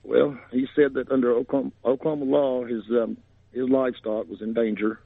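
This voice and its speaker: A man calling into a radio show, speaking hesitantly and haltingly, upset. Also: mid-range voice, flat delivery, creaky, no room sound. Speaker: caller. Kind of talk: phone-in caller. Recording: tinny phone line.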